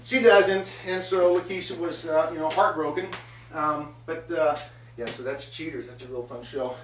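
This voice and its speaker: A man hosting a comedy show tells a wandering tale, stopping often on fillers before landing a sarcastic aside. His voice sits somewhat high for a man. He sounds set back from the mic in an echoey room. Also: steady tone, far from the mic, slight background noise. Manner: meandering storyteller, many filler pauses, sarcastic asides. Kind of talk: rambling comic monologue.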